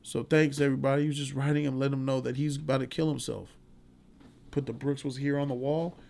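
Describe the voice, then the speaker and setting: A man's voice: mid-range voice, flat delivery, quick pace, creaky, darkish tone. A man hosting a casual movie review vlog, rambling, profane and enthusiastic.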